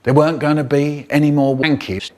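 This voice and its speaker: A man telling comic stories, animated and playful, with exaggerated swoops in his voice. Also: fairly high pitch, a little fast. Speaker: children's storyteller. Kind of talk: comic storytelling, spliced edit.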